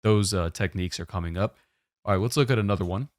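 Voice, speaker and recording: A man giving a test-prep lesson, explaining question types in a steady, methodical way. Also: on the low side, fast talker, no echo, studio quality.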